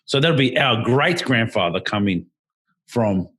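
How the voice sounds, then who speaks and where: Husky Australian man, rambling podcast chat. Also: medium pitch, unhurried. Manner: animated, rambling storyteller. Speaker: podcast co-host. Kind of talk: casual chat.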